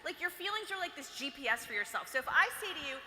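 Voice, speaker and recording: A high-voiced woman with a very bright, clear tone gives a chatty, playful motivational talk to girls. She is recorded in a large hall that rings with a long reverb. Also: lively intonation, fast talker. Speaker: workshop speaker for girls. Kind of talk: motivational talk to a live audience.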